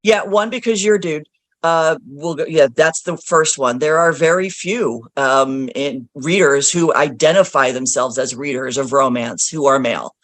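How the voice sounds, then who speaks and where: A woman's voice: sits low, moderate pace, no echo. A woman hosting a podcast interview, friendly and a bit teasing. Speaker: podcast host. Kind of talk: interview chat.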